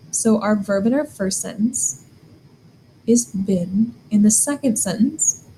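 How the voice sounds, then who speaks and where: A woman's voice: a little high, warm tone, a little hiss or hum, low-quality recording. A woman teaching a German grammar lesson, explaining step by step and asking the learner questions.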